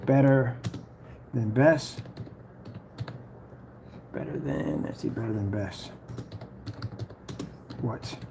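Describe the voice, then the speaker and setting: A man's voice: medium pitch, extremely slow, pauses often, noisy background. A man narrating as he designs his product's ad, boasting about it and muttering to himself. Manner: boastful, hypes his product, trash talks rivals; mutters and whispers to himself while working. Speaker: small business owner making a product ad. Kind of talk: casual talk-along screen recording.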